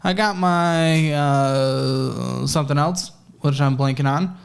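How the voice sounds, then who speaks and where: A man's voice: on the high side, gravelly, clean tone. A man hosting a chat show, going over a guest's bank statements in a blunt, teasing way. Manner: blunt, teasing, quick with numbers. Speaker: host reviewing a guest's finances.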